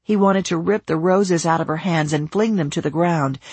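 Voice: medium pitch, normal speed, darkish tone, husky, no room sound. An audiobook narrator reading a suspense novel in scripted narration.

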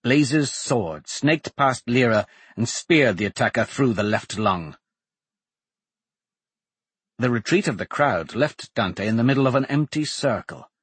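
A man reads fantasy fiction aloud in a measured, dramatic storytelling manner. His voice is husky and mid-pitched, recorded dry and close with no room sound. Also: expressive, no room sound. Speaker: audiobook narrator. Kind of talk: scripted audiobook narration.

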